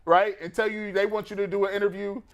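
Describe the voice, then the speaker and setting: A man, a former player appearing as a guest, telling a story in casual chat, animated and laughing as he acts out quotes. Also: high-pitched, quick pace.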